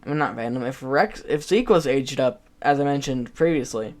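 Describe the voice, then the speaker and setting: A man's voice: mid-range voice, normal speed. A man giving casual video game commentary, chatty and self-mocking as he looks back at his own old predictions. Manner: chatty and self-mocking, with frequent restarts and laughs.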